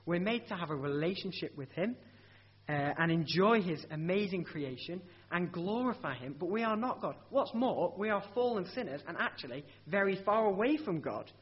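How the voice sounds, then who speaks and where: A man's voice: high voice, expressive, normal speed, husky. A man preaching a sermon in an earnest, conversational way, asking rhetorical questions and often restarting his sentences. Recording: dull lo-fi recording.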